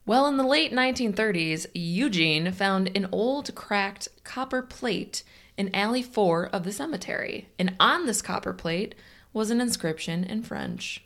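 A woman's voice: medium pitch, animated, a little slow, a bit bright. Woman podcast co-host, casual storyteller, laughs a lot, reads from notes. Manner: laughs often, reads facts aloud. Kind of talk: casual chat, reading a story.

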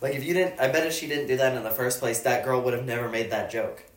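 A man's voice: mid-range voice, fast talker. A man co-hosting a podcast in casual chat, telling stories animatedly and acting out what other people said. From United States. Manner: animated storytelling, acts out quoted voices. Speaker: podcast co-host. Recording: echoey room.

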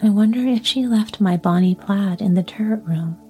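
A woman's voice: medium pitch, moderate pace, a little mellow, soft background music, close to an everyday voice. A woman whispering the lines of a brave, courteous young prince in an old-fashioned courtly way, as whispered role-play. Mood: musing.

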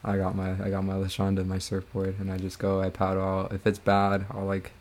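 A man's voice: deep voice, completely flat delivery, fairly quick, a little mellow. A young man co-hosting a podcast, chatting in an easygoing way and cracking jokes. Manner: easygoing, joking interjections. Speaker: podcast co-host. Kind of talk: casual chat.

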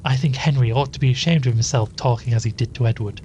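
A man voicing a fretful married sister in a read-aloud story, speaking abruptly in a hushed voice. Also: medium pitch, quick pace, muffled recording, a little hiss or hum, lightly acted. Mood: grumbling.

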